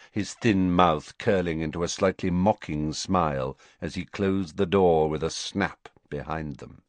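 A man giving an expressive, measured audiobook narration of a story. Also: low-pitched, no echo.

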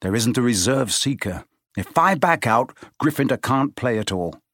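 A man's voice: medium pitch, lively intonation, moderate pace, fairly bright tone, no echo, clean studio sound. A man reading an audiobook, voicing a worried but determined teenage boy.

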